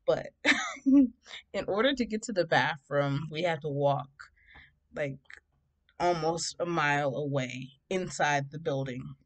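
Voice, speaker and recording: A woman in her thirties from Detroit telling a personal story in a casual, animated way, often laughing and acting out both sides of the conversations. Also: deep voice, slow. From Detroit, USA. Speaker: storytime vlogger.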